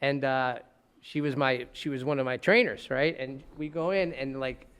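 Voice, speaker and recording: A man, a trial lawyer, telling animated courtroom stories in casual podcast talk. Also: mid-range voice, normal speed, clear, resonant tone. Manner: animated, acting out courtroom scenes. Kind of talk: storytelling in casual podcast chat.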